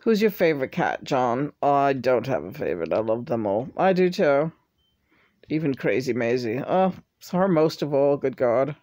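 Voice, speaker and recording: A woman's voice: very deep voice, big pitch swings, moderate pace, warm tone. A woman vlogger in casual chat, talkative, often laughing and swearing freely.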